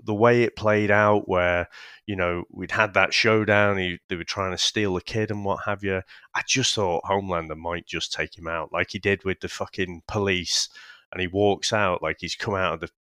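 A man's voice: sits low, fairly even intonation, moderate pace, fairly bright tone, smooth, no room sound, clean studio sound. A man with a northern English accent co-hosting a casual review podcast, rambling and swearing freely with lots of restarts. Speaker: podcast co-host.

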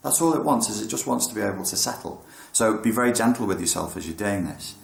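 A low-voiced man with vocal fry talks fast and frankly about meditation, swearing now and then and acting out thoughts as quoted lines. The room around him echoes, and the talk stays casual, touching on mental health.

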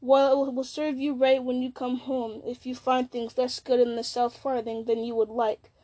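A woman's voice: high-pitched, flat delivery, moderate pace, mellow, close to an everyday voice. A woman reading a sneering fallen old wizard. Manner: sneering, mocking. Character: bitter fallen old wizard, male, scornful.

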